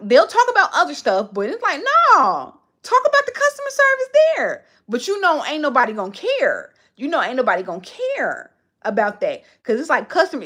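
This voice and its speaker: Casual streamer, woman, slightly high, breathy voice, blunt and profane. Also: a bit bright. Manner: blunt, profane storytelling with lots of slang. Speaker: livestreamer. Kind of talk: casual livestream chat.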